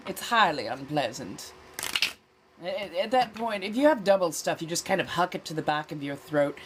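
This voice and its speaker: A woman with a lowish voice chats on a livestream in an affected old-fashioned American accent. She is languid and theatrical, drawing out her words and calling her viewers darling. A faint hiss runs underneath. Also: lively intonation, normal speed. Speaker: livestream host. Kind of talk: casual chat.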